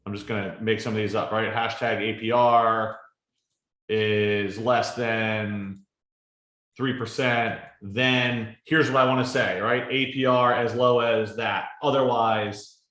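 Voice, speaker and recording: A man presenting a casual screen-share product demo, explaining in a relaxed way with lots of fillers and tag questions. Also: on the low side, slow pace. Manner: relaxed, filler-heavy explaining with frequent "right?". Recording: roomy echo.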